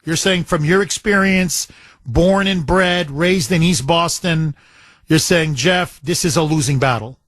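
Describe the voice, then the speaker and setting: A man hosting a call-in radio show from a studio mic. His voice sits a little high and sounds dry and close. He talks in a chatty way and repeats phrases for emphasis. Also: unhurried, a bit bright, no room sound. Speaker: radio talk show host.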